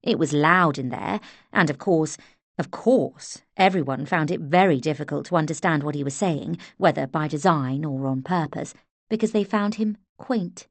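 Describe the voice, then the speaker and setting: A woman narrating an audiobook in a measured, expressive storytelling manner. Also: sits low, dry recording. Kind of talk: scripted narration.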